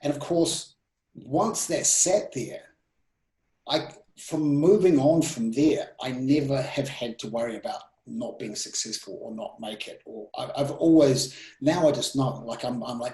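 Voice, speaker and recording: A man in his thirties telling personal stories in an interview, animated and full of restarts and quoted self-talk. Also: medium pitch, measured pace. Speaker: guest speaker. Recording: roomy echo.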